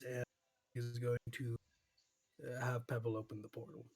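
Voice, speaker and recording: A man's voice: mid-range voice, monotone, moderate pace, pauses often, darkish tone, breathy edge. A man playing in a tabletop game, describing his character's actions in a hesitant way with frequent trailing off. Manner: hesitant, trails off, many fillers. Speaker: player. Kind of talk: tabletop role-play chat.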